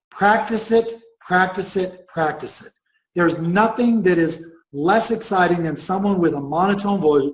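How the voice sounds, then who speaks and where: A middle-aged man giving a sales training talk, energetic and emphatic. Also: sits high, roomy sound, poor audio.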